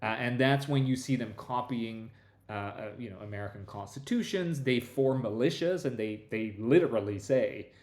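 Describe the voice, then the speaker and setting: A man's voice: medium pitch, normal speed, a little mellow. Man explaining history in a roomy room. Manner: discursive, many restarts and "right?" tags. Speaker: history professor guest. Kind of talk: conversational lecture-style explanation.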